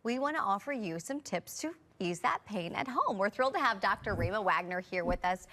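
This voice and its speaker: A woman's voice: medium pitch, expressive, fairly quick, bright, forceful tone, a little hiss or hum. A woman hosting a morning TV show, welcoming a guest in an upbeat presenter manner. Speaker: TV show host. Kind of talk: morning TV interview.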